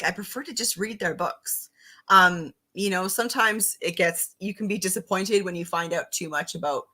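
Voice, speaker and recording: A woman with a fairly low, sharp-toned voice hosts a casual book chat on a live stream. She's upbeat and chatty as she reads out comments from viewers.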